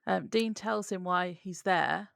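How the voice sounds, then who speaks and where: Woman co-host, gravelly lowish voice, casual recap read from notes. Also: measured pace, fairly bright tone, no echo, studio quality. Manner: reads plot notes aloud in a conversational way. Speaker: podcast co-host.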